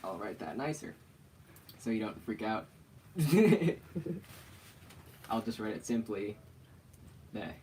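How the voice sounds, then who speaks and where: A man's voice: lowish voice, animated, slow, long pauses, a little hiss or hum. A man casually teaching an invented alphabet on a livestream, talking in a playful way and laughing often.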